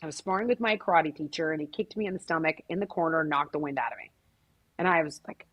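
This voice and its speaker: A woman's voice: low-pitched, quick pace, fairly bright tone. A middle-aged woman speaking bluntly and emphatically as an interview guest, with frequent swearing. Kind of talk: candid conversational interview.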